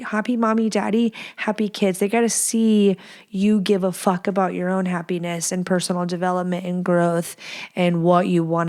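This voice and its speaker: A woman in her thirties hosting a solo podcast, talking bluntly and casually with lots of swearing and rambling restarts. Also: fairly low pitch. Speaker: podcast host.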